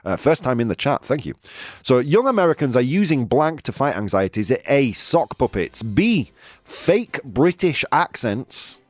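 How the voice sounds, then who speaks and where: A man's voice: mid-range voice, big pitch swings, moderate pace, no room sound. A man hosting a live news quiz stream, chatting playfully with viewers and laughing often. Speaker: host.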